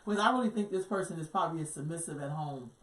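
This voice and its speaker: A middle-aged woman co-hosts a casual talk show. She tells stories with animated, acted-out quotes. Her voice sounds distant and roomy. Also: low-pitched, racing. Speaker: co-host. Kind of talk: casual chat. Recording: echoey room, distant mic.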